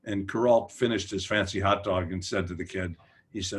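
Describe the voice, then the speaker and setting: Older male humor writer, very low voice, rambling self-deprecating anecdotes on a panel. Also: fairly even intonation, fairly quick. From United States. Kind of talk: relaxed anecdotal storytelling.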